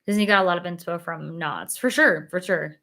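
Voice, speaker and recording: A woman's voice: fairly low pitch, fairly even intonation, brisk, vocal fry, a bit bright. A young woman chatting casually on a livestream, reading viewer comments, giggling and filling with "like", a little tired. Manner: chatty, giggly, lots of fillers. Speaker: livestream host.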